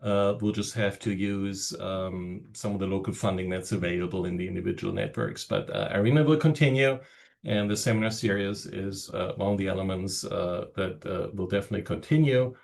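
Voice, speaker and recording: Halting man with a German accent. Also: deep voice, expressive, gravelly, darkish tone. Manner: halting, many fillers and pauses. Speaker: research network director. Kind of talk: seminar opening remarks.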